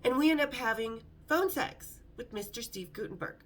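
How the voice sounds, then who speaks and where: Woman, middle-aged, fairly high voice, sarcastic, brash, casual storytelling vlog host. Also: lively intonation, moderate pace.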